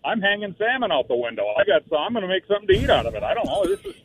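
A man calling in to a talk radio show as a regular, exasperated and animated. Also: sits high, rapid-fire, husky, no room sound. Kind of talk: talk radio chat over the phone. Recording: tinny phone line, dry.

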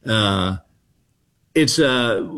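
A man's voice: on the low side, expressive, very slow, fairly bright tone. Guy in his 60s, easygoing comic telling stories, pokes fun at himself. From Texas. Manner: laid-back, self-mocking, rambling anecdotes. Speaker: comedian guest. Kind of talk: casual storytelling interview.

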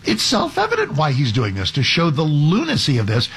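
A man's voice: on the high side, wildly swooping pitch, brisk, a bit bright, slight background noise. A man hosting a talk radio show as a fill-in, talking in a conversational, argumentative way with frequent restarts. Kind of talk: conservative talk radio commentary.

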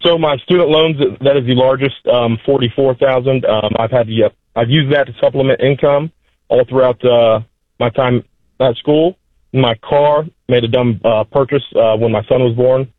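A man's voice: mid-range voice, fairly even intonation, normal speed, no echo. A young man in his twenties calling into an advice show, speaking hesitantly with many fillers. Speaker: caller. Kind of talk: phone call to a radio show. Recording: phone line.

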